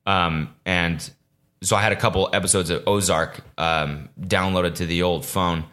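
A young man with a low voice talks off the cuff on his own podcast. He rambles and swears freely and sounds exasperated. Now and then he jumps into mocking voices. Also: steady tone, a little slow, a bit bright. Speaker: podcast host. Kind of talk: casual solo podcast rant.

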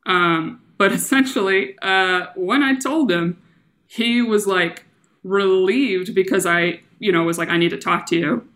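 A woman comedian as a podcast guest, candidly retelling a personal story with animated, laughing delivery. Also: mid-range voice, a little slow. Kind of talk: casual storytelling.

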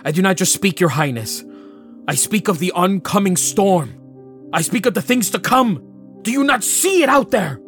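A man's voice: a little high, expressive, a little slow, pauses often, a bit bright, faint music behind, pitched above the performer's own voice. A man voicing an impassioned male envoy who pleads and then raises his voice in fervent speech, in a tabletop game. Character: impassioned male envoy, persuasive, grows loud.

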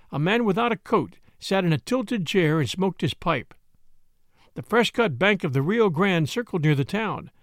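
A man reading a story aloud in an expressive, varied narration. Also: sits high, no room sound, studio quality.

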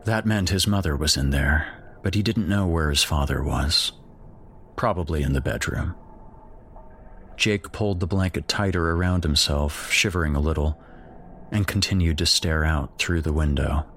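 Deep-voiced man narrating a horror story. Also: a little hiss or hum. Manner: steady, measured storytelling.

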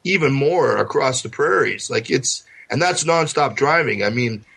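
A man's voice: mid-range voice, animated, moderate pace, creaky, fairly bright tone, slightly rough, rough recording. A man chatting casually on a podcast, rambling through anecdotes full of fillers and acted-out quotes. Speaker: podcast guest. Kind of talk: casual chat.

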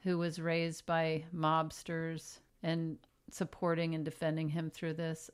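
A woman co-hosting a comedy podcast in casual chat, teasing with dry deadpan humor. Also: low-pitched, takes it slowly, smooth. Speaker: podcast co-host.

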